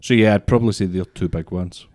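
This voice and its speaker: A man's voice: sits low, steady tone, quick pace, a little mellow, dry recording, clean studio sound. A young man co-hosting a podcast, telling stories bluntly and swearing freely. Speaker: podcast co-host. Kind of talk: casual chat.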